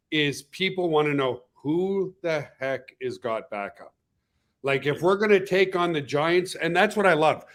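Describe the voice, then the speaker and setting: Canadian guy hosting a live webinar, upbeat, chatty, voice sits a bit high. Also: a bit bright. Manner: upbeat, chatty, greets viewers by name. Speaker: webinar host. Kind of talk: casual live webinar chat.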